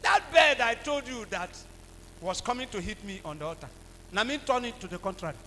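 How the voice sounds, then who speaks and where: A Nigerian pastor with a high-pitched voice preaches in call-and-response fashion, dropping to low talk and then bursting into shouts. His voice carries a long reverb from a large church hall, with a faint hum underneath. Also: lively intonation, brisk. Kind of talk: sermon.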